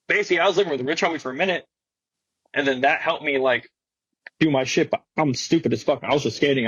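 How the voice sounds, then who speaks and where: A man's voice: fairly high pitch, a bit bright, breathy edge, dry recording, muffled recording. A young man in his twenties, a guest skateboarder telling stories in casual, slangy, swearing chat in a podcast studio. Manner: slangy, swearing, laughing storyteller.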